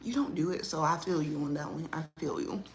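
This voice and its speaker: Lively woman chatting on a livestream. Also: sits low, a little fast, a little hiss or hum. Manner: animated, laughs often, slangy. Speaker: livestream host. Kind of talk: casual livestream chat.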